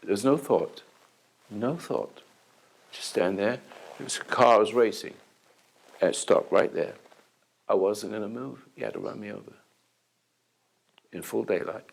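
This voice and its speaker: An older man acting as a self-help teacher, telling an anecdotal story to an audience in a halting way, with restarts, and acting out the dialogue. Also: lowish voice, gravelly, poor audio.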